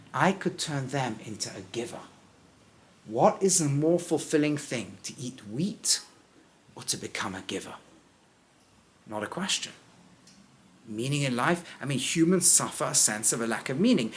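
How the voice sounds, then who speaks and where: Middle-aged male rabbi, lively lesson voice, fairly high, acts out the text. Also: a little hiss or hum. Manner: acts out the characters' lines with big pitch swings; drops to a low, quiet voice for key points. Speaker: rabbi teaching a text class. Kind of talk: animated Bible lesson.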